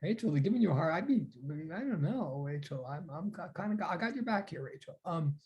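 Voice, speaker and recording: A man's voice: on the high side, fast talker, dull audio. Chatty man teaching physics online. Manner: chatty, animated, reads chat aloud. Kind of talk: online class lecture.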